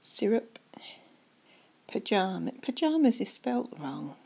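A woman doing a whispered ASMR chat, soft and rambling as she muses aloud. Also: medium pitch, sing-song, slow pace, vocal fry, breathy edge, poor audio.

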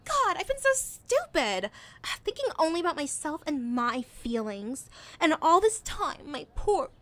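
A bubbly young college girl, played by a woman, gushes in a high, lively voice. She swoops up and down as she pours out her feelings. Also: measured pace, no echo, exaggerated voice. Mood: gushing. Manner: gushing, effusive. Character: bubbly, emotional young female college student.

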